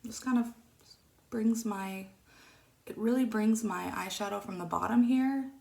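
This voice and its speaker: Rambly lady vlogger talking thru her makeup, gravelly voice, mutters to herself sometimes. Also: medium pitch, a little slow. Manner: chatty and rambling, with soft muttered asides. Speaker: beauty vlogger. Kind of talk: casual makeup tutorial chat. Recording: echoey room.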